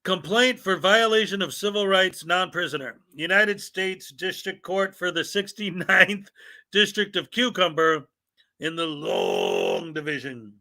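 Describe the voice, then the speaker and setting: Male streamer, high and bright, jokey casual delivery, faint guitar bed. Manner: joking, laughs often, reads mock legal paperwork aloud. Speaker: live stream host. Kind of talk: casual live stream chat.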